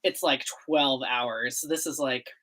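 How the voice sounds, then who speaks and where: A woman's voice: rumbling low, steady tone, takes it slowly, fairly bright tone. A young American woman chatting casually on a livestream, bubbly and giggly, full of fillers and laughter. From United States. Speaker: livestream host.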